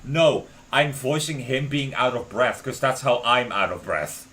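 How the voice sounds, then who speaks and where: A man's voice: medium pitch, unhurried, low-quality recording. A young man streaming live, narrating a visual novel aloud and breaking off for playful asides. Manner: expressive, swings between narration and playful asides.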